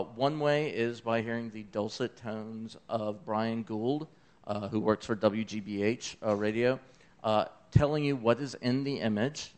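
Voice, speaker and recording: This man from Memphis, Tennessee speaks in a lowish, somewhat dark voice with a Southern accent. Presenting his eclipse accessibility science project at a conference, he's enthusiastic and chatty, peppering his talk with fillers and side remarks.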